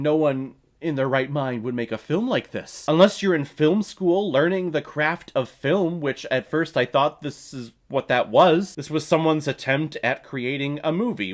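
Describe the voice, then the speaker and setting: A man ranting casually in a movie review, exasperated and profane, with a mocking tone. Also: mid-range voice. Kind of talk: casual film review rant.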